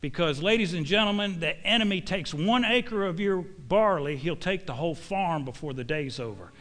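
A man delivers a church sermon in a fairly high, slightly bright voice, with lively intonation and a normal speed. Folksy and emphatic, he relies on homespun sayings to drive every point home to his congregation.

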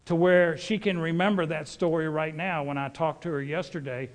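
A man's voice: a little high, fairly even intonation, normal speed. A middle-aged man, preaching a sermon as a folksy, rambling storyteller.

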